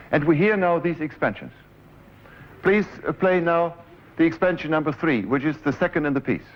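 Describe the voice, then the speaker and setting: A man in his forties with a German accent, a composer giving a lecture who explains his piece step by step and directs the players, sometimes humming the phrases. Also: a little high. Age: 40s. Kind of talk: lecture with live musical demonstration. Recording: dull 1970s lecture recording. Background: faint piano music.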